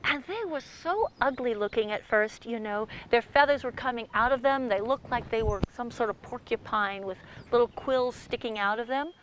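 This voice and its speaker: A woman storyteller telling a tale in a playful, animated way, with sound effects. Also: fairly high pitch, moderate pace, few pauses, slight background noise, low-quality recording. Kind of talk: oral storytelling performance.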